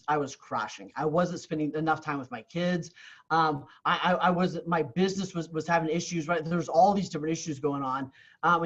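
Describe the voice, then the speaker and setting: A man with a slightly high voice, heard through lo-fi sound. He's a real estate coach appearing as a podcast guest, earnestly and candidly telling the story of growing up in Canada, often repeating words as he restarts.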